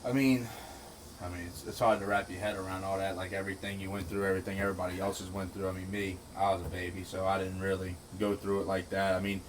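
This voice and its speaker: A young man with a lowish voice hosts in an easy, casual way. He often restarts his sentences and leans on fillers like "like" and "I mean". A faint hiss sits under his voice. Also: level tone, fast talker, rough recording. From St. Bernard Parish, Louisiana. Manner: loose, starts over often, says "like" and "I mean" a lot. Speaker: podcast host. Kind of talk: casual chat.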